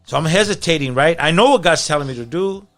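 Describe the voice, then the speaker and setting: Man, pastor, podcast guest, animated slangy storytelling, creaky voice. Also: on the high side, fast talker, faint music behind. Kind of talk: casual storytelling interview.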